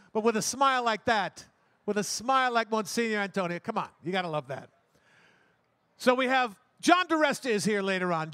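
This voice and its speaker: A man's voice: high voice, a bit bright, dry recording. A man acting as emcee and bandleader, making upbeat, joking announcements from a festival stage. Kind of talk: live event announcements.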